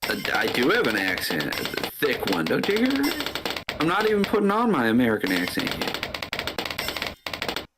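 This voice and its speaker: A man's voice: mid-range voice, wildly swooping pitch, moderate pace, pauses often. A man from the Netherlands joking dryly in a casual gaming stream chat. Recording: loud noise, typing behind.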